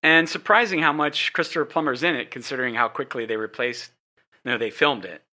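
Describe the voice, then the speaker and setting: Bright-voiced man rambling in panel chat. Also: mid-range voice, a little fast. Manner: rambling, hesitant, many restarts. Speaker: podcast co-host.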